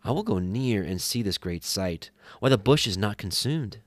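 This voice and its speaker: A man's voice: on the low side, animated, normal speed, no echo, studio quality, natural voice. A man voicing a humble, hesitant shepherd-prophet in a plain, questioning way.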